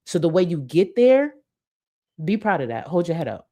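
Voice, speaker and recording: A woman YouTuber giving blunt, profane casual commentary who sometimes bursts into excited shouting. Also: on the low side, normal speed.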